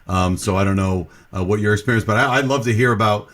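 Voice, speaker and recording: A man's voice: lowish voice, fast talker, fairly bright tone. A man hosting a casual podcast movie review, talking in a rambling, hesitant way. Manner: rambling, hesitant, lots of fillers and restarts. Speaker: podcast host.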